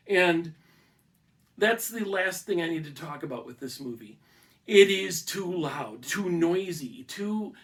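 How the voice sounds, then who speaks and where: A middle-aged man rambles through a casual film review from his home studio, his voice sitting a little high for a man. The sound is close and dry with almost no room around it, and he talks in loose, chatty runs full of "uh"s and restarts. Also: breathy edge, no room sound. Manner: meandering, chatty, with frequent fillers and restarts. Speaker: movie reviewer. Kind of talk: casual opinion monologue.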